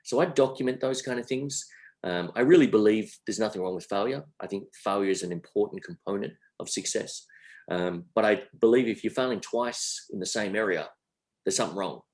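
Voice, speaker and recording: A man's voice: on the low side, brisk, a little mellow. A middle-aged Australian man as a guest on a podcast interview, speaking with energy and emphasis and repeating his phrases. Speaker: entrepreneur guest.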